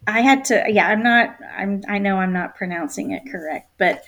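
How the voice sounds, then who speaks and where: A woman's voice: mid-range voice, normal speed, a bit bright. Chatty woman, full of ums. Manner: chatty, many filler ums, searching for words. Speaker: travel agent guest. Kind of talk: casual chat.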